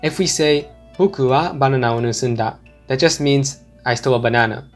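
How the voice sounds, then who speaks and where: A man teaching a language lesson, explaining slowly and deliberately and repeating his example phrases. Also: mid-range voice, soft background music.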